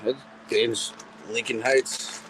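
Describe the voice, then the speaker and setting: A man in a casual podcast chat, speaking quietly and hesitantly, often trailing off. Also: mid-range voice, steady tone, takes it slowly, a little hiss or hum, poor audio.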